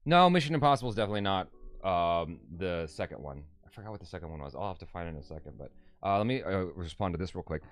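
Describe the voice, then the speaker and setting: A man's voice: deep voice, animated, fast talker. A man co-hosting a casual live stream, reading viewer comments aloud and reacting. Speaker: co-host reading live chat.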